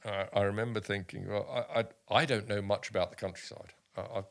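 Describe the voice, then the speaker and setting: Older british army vet guy, low gravelly voice, telling stories all lively with lots of restarts. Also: fairly quick. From United Kingdom. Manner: animated anecdotes with many restarts and voiced quotes. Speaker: army veteran guest. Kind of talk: casual storytelling interview.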